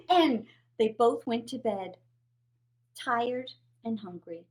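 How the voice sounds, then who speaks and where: A woman's voice: on the high side, slow pace, pauses often. A woman hosting a children's storytime, playfully reading a fairy tale aloud with puppets. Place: home, recorded for a livestream.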